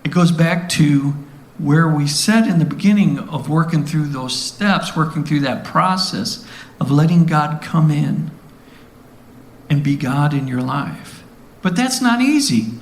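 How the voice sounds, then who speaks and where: A man's voice: on the high side, expressive, unhurried, reverberant. A man giving earnest, conversational Bible teaching, often asking the listeners questions. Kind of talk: sermon-style Bible teaching.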